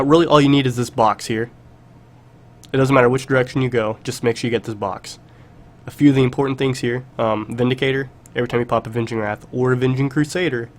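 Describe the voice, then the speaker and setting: A man with a congested, nasal voice from a cold, casually talking through a game tutorial in a relaxed, chatty way. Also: mid-range voice. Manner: relaxed, chatty, emphatic repetitions. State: congested, stuffy nasal voice from illness. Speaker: game guide creator.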